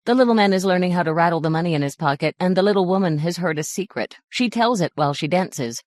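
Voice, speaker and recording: A woman voicing a cheerful, prim village girl who answers briskly. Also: on the low side, expressive, darkish tone, no echo, studio quality, lightly acted.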